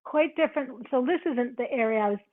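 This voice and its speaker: With a high-pitched, brisk delivery, a female yoga instructor leads students online, counting reps, calling out brief cues, and making conversation. The audio comes through a video call and sounds tinny.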